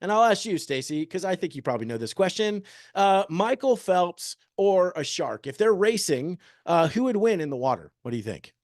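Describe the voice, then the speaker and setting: A man in his thirties, a real estate agent giving an energetic, joking motivational talk and peppering the room with rhetorical questions. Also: high voice, moderate pace, no echo, clean studio sound. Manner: joking, upbeat. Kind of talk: motivational presentation to an audience.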